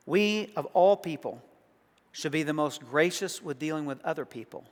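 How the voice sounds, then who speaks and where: A man from South Arkansas with a Southern accent, preaching a sermon in a folksy, emphatic way that grows louder on key points. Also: on the high side, long reverb tail. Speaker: pastor. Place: church sanctuary.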